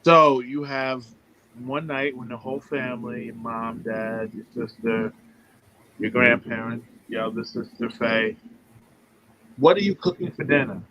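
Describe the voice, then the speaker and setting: A man hosting a casual remote podcast interview, asking questions in a relaxed way with fillers and restarts. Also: medium pitch, unhurried, lo-fi sound, slight background noise. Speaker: podcast host. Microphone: podcast microphone over remote call.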